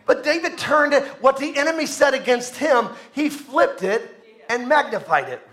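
A man preaching a sermon in a very high, bright voice. He shouts out his declarations, then drops into quieter asides, and keeps calling on the congregation to repeat his words. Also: expressive, normal speed. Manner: calls to the congregation for responses. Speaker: pastor.

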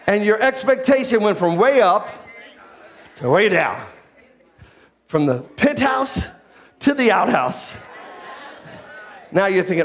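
A man preaching a sermon as pastor, swinging between loud, excited preaching and low, quiet asides. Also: measured pace, pauses often.

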